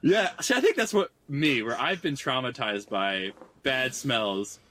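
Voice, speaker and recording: A man with a bright, forward voice chats loosely on a gaming podcast. He rambles, packs his sentences with filler words and laughs often as he goes. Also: mid-range voice, lively intonation, unhurried, a little hiss or hum. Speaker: podcast co-host. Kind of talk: casual chat.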